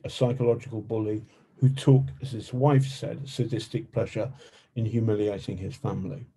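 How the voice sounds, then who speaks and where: Man, journalist guest, mellow dark voice, slow, halting, filler-heavy. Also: mid-range voice. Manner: halting, many fillers and restarts. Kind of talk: podcast interview.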